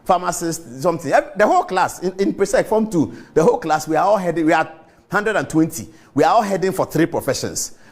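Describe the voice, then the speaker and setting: Emphatic Ghanaian man with lively pitch. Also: fairly quick. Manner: emphatic, repetitive scolding, big pitch swings. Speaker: morning show host. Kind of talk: opinion commentary.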